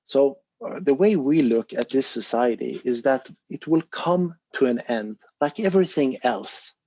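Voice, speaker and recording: A man's voice: medium pitch, lively intonation, unhurried, dark tone, muffled recording. A man leading an online discussion, talking in an earnest, encouraging way and thinking aloud with fillers. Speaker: volunteer presenter of an online discussion. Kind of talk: casual explanatory talk on a video call.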